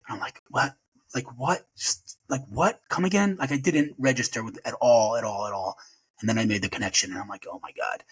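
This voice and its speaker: A man in his forties, a podcast guest sharing emotional memories in a rapid, halting way full of restarts. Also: fairly low pitch, fairly bright tone, slightly rough, low-quality recording. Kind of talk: emotional personal remembrance.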